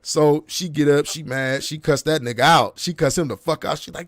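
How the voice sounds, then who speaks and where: A man in his thirties telling a long story in casual chat, with animated delivery and heavy street slang, acting out what people said. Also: fairly high pitch, fairly quick, few pauses, no room sound, studio quality. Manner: animated, profane street slang, acts out quotes. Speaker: podcast host.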